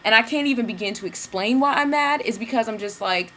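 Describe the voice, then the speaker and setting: A young woman from Georgia, telling a story in a casual vlog rant, animated and sassy, slipping into mimicked asides. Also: fairly high pitch, fairly quick, slight background noise. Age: young adult. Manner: animated, mimics people in asides, sassy slang, bursts of cackling laughter. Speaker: vlogger.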